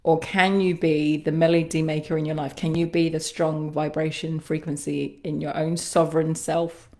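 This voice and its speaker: A woman who works as a sound healer and coach, giving a livestreamed guided self-reflection in a musing, halting way with sighs and laughs. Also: low voice, level tone, a little mellow.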